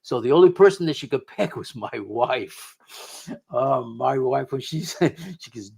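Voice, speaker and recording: A man's voice: medium pitch, normal speed, creaky, darkish tone, husky. A middle-aged man, a guest on a radio show, telling a personal story in a rambling way full of restarts and quoted dialogue. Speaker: guest investigator of the unexplained.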